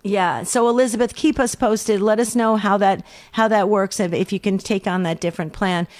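A middle-aged woman gives earnest advice on a call-in radio program. She speaks gently at a middle pitch and doubles back on words as she reasons. Her tone stays patient and steady. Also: normal speed. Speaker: radio show co-host and counselor.

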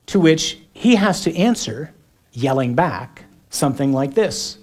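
A man preaching a sermon, shifting between quiet reflection and acted-out shouted dialogue, with dramatic pauses. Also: a little high, lively intonation.

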